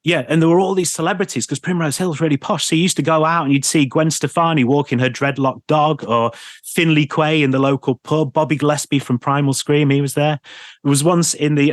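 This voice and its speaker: A man, a radio presenter telling lively anecdotes in an interview, laughing often and mimicking people he knew. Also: mid-range voice, no room sound, clean studio sound. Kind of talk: storytelling interview chat.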